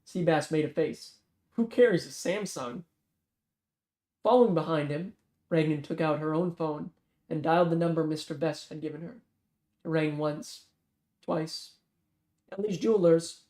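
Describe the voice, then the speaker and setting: This medium-pitched voice moves at a normal speed, and the sound is roomy. Reading a thriller novel in a relaxed way, the narrator keeps a steady flow but frequently breaks off to fix and restart lines.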